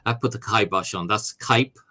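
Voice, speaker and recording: Male guest, lowish bright voice, halting answers full of fillers, video call. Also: breathy edge. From Ireland. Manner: hesitant, many fillers and restarts. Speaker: author and academic guest. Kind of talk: conversational Q&A answers.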